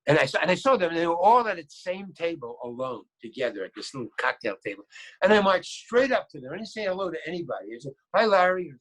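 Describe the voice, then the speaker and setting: Male guest spinning an anecdote, lively and acting out each voice, a touch high-pitched. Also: quick pace. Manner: animated, acts out quoted lines, repeats words. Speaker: guest actor. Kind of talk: storytelling anecdote.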